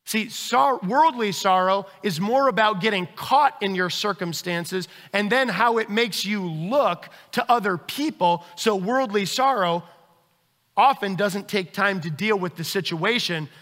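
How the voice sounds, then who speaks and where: A man's voice: high-pitched, measured pace, a bit bright, big-room sound. A man preaching a sermon as pastor, acting out everyday scenes with quoted voices.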